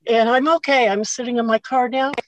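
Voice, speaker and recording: A woman's voice: fairly high pitch, fairly even intonation, brisk, dry recording, poor audio. Earnest woman sharing from her car. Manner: earnest, rambling, grateful. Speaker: meeting participant sharing. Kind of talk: recovery-meeting share.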